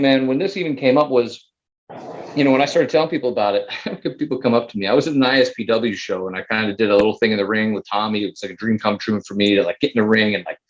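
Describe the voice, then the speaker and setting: Excited guy, theater producer, chatty, says like and man a lot, muffled lo-fi sound. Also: fairly low pitch, slight background noise. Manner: enthusiastic, casual, full of "like" and "man". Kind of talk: casual interview.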